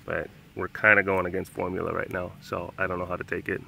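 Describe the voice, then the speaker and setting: A man keeping big cats, narrating a casual vlog outdoors and cooing softly at the animals in baby talk. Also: sits low, little pitch movement, fast talker, vocal fry, a little hiss or hum. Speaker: big cat keeper.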